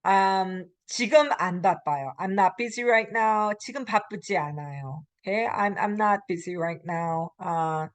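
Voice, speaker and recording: A woman's voice: fairly low pitch, fast, few pauses. A woman professor giving a recorded language lecture. She explains with many fillers and acts out example phrases. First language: Korean. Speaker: college Korean language professor.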